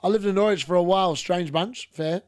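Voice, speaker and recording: A man's voice: high voice, a little fast, a little mellow, no echo, studio quality. A young man streaming a live football watchalong, chatting casually, laughing and reading out chat. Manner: casual, chatty, laughs often, uses "mate".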